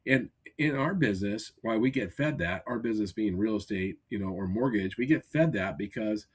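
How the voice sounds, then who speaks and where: A man hosting a casual podcast over a remote call, talking in an energetic coaching tone with many restarts. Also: on the low side, moderate pace, breathy edge. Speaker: podcast host. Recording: glitchy remote call audio.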